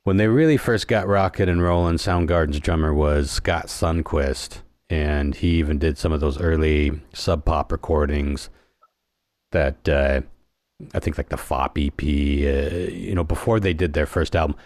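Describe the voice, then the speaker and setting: A man's voice: a bass voice, steady tone, normal speed, a little mellow, no room sound, clean studio sound. A middle-aged man hosting a podcast, telling stories in a rambling, laid-back way. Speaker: podcast host. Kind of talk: casual chat.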